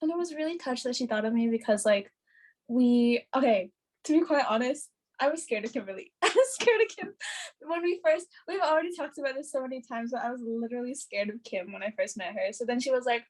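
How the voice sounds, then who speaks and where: A woman's voice: sits high, expressive, fast, darkish tone. A young woman telling a story in casual podcast chat, bubbly and giggly, with lots of fillers. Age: young adult. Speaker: hair and makeup artist.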